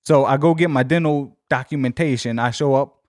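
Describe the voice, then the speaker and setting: A young adult man casually telling a story on a podcast, animated and profane, acting out both sides of each conversation. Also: mid-range voice, a little fast, dry recording, clean studio sound. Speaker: podcast co-host.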